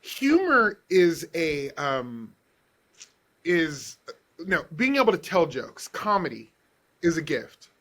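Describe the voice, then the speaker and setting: A man guesting on a podcast as an author and comedian, telling stories in an animated, playful way. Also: on the high side, takes it slowly. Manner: animated storyteller, playful and expressive. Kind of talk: casual podcast conversation.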